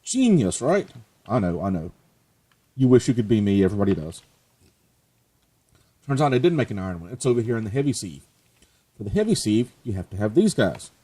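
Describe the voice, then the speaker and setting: Let's play host, male, low and husky, chatty and jokey. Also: sing-song, brisk, pauses often, mellow. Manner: chatty, joking, self-mocking. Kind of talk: casual gameplay commentary.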